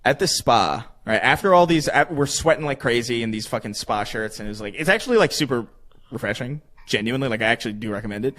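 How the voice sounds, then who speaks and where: A man's voice: mid-range voice, animated, fast, a bit bright. A young man telling a story in casual podcast chat, rambling with lots of fillers and swearing.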